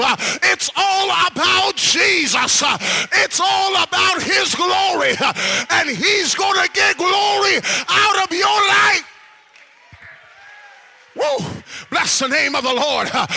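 A male pastor shouting his sermon, with a rhythmic "uh" before each phrase. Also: very high-pitched, creaky, low-quality recording.

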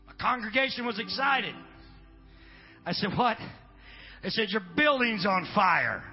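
A middle-aged pastor telling a story in a folksy sermon, dropping in amens and swinging between loud and hushed. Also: male voice, on the high side. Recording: dull lo-fi recording with faint music.

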